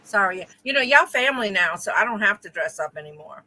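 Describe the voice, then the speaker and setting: Bright-voiced, relaxed woman co-host. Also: mid-range voice, a little fast, poor audio. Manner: relaxed, reads viewer comments aloud. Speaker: live show co-host. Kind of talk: casual chat between friends.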